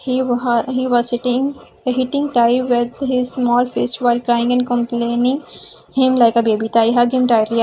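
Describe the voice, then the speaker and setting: Woman reading fan fiction, narrow pitch. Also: little pitch movement, dark tone, slight background noise. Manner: halting read-aloud with restarts and slips.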